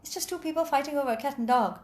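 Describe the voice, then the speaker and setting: A woman's voice: high voice, rapid-fire, a little mellow, reverberant, close to an everyday voice. A woman storyteller voicing an offhand king who brushes off every warning. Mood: dismissive. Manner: dismissive, offhand. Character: lazy dismissive male king.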